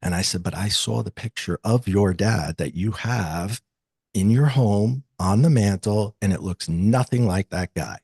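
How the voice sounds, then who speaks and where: Low-voiced husky man telling his story. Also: measured pace, a little mellow, no room sound, clean studio sound. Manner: earnest, confessional, acts out dialogue. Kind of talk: personal storytelling.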